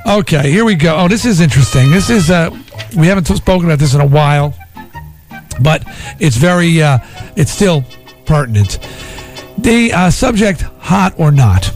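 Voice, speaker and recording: A man hosting a morning radio show, reading listener emails out loud and riffing on them in an animated, theatrical way. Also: fairly high pitch, moderate pace. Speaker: radio host. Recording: radio broadcast with music under it.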